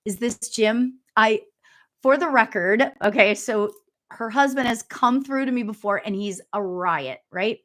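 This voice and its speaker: A middle-aged woman doing a live medium reading in a loose, chatty way. She giggles and fills her talk with "um" and "like", and now and then drops into a hushed aside. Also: a little high, a little slow. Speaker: spiritual medium. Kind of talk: live reading, casual chat.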